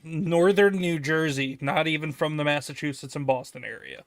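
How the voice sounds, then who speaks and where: A man's voice: fairly high pitch, moderate pace, no echo. A man in a casual chat, cutting in briefly and matter-of-factly.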